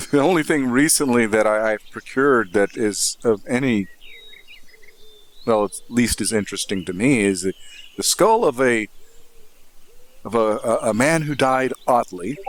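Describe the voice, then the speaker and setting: A man voicing an awkward, bookish high elf scholar, stammering and repeating his words. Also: unhurried, pauses often, natural voice. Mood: earnest.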